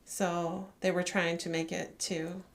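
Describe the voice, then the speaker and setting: A woman co-hosting a podcast in casual chat, agreeable and quick to laugh. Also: lowish voice, little pitch movement. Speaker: podcast co-host.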